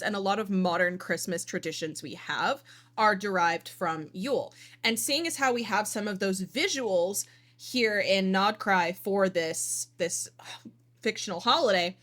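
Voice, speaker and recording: A woman streamer reacting to a game broadcast in an excitable, gushing way. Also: medium pitch. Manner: excitable, gushing, mock outrage.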